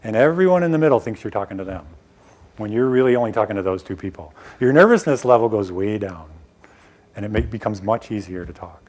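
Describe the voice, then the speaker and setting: A man's voice: fairly low pitch, animated, fast talker, a little mellow. A middle-aged man giving a live workshop talk on presenting science to a small room, direct and emphatic with casual asides. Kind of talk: live lecture to a small audience.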